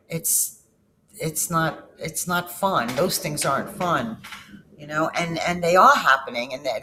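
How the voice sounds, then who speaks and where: A woman's voice: sits low, a bit bright. A middle-aged woman speaks straight to her viewers in a casual vlog, telling personal stories. She is candid and emotional and swears freely. Her sentences often trail off and start again. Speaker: vlogger. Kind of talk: casual personal storytelling to camera.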